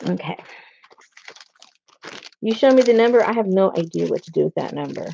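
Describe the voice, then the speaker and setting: A woman's voice: fairly low pitch, expressive, moderate pace, vocal fry, pauses often, dull audio, background noise. A woman hosting a casual crafting video, rambling and talking to herself as she hunts through her supplies, standing indoors in her craft room. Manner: rambling, talks to herself while searching. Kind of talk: casual chat while crafting.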